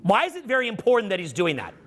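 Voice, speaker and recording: Middle-aged male coach addressing a live audience, high bright voice, swears a lot and acts out the quotes. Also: very fast. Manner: animated, profane storytelling with acted-out quotes. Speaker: social skills coach. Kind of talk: live seminar talk.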